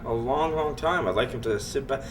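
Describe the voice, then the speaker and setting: A man's voice: mid-range voice, normal speed. A man, a head chef, telling stories in an interview and acting out the voices of others. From Canada. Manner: animated, acts out quoted voices. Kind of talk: interview storytelling. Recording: distant mic with loud ambient noise.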